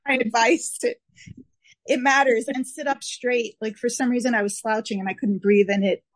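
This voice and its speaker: A woman's voice: a little high, fairly even intonation, normal speed, no room sound. A woman with a New York accent, co-hosting a podcast in casual, chatty talk and laughing easily. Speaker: podcast co-host. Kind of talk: casual chat.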